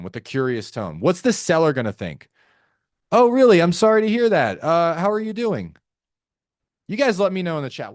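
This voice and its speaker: Animated man leading a sales training. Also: medium pitch, dry recording, clean studio sound. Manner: energetic, animated, addresses audience directly. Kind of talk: live online sales training.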